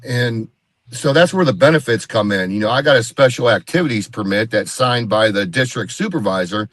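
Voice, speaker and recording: As a guest on a live video call, this Bigfoot researcher spins a loose, wandering tale, repeating himself and acting out other people's lines. His medium-pitched voice is a little fast with lively intonation, recorded without echo.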